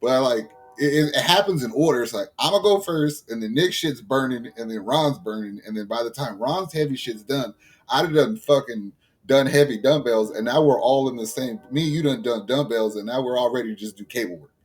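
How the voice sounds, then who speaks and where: A man with a Texan accent co-hosting a casual podcast, telling profane, animated stories about his gym routine. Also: mid-range voice, fairly quick. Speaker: podcast co-host. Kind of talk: casual chat.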